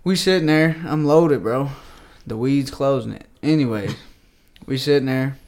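A man's voice: medium pitch, moderate pace, a little mellow. A man on a podcast telling a hunting story in casual, profane slang, acting out the quoted lines and dropping to a whisper for them. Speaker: podcast co-host.

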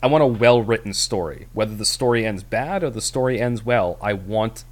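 A man's voice: lowish voice, normal speed. A man co-hosting a casual movie review chat, rambling with many fillers and restarts. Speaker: podcast co-host.

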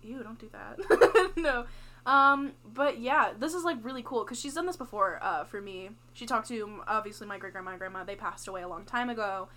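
A woman's voice: fairly high pitch, fairly quick, sharp tone, a little hiss or hum. A teenage girl co-hosting a podcast, chatting casually with giggly, playful reactions. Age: teens. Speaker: podcast co-host. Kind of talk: casual chat.

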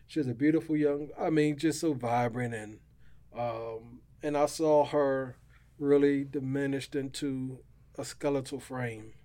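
A man's voice: mid-range voice, steady tone, a little slow, mellow. A middle-aged man telling his personal faith testimony as a podcast guest, in an earnest, emotional way.

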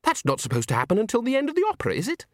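A male narrator voicing a vain, airy young woman soprano, wide-eyed and breathy. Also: fairly high pitch, huge pitch swings, very fast, no echo, studio quality, voice pushed up. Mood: flustered.

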